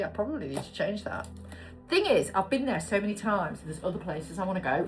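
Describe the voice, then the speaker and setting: A woman's voice: lowish voice, expressive, fast talker, faint music behind. A British woman in her forties doing a casual tarot reading, chatty and given to swearing and tangents. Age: 40s. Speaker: tarot card reader.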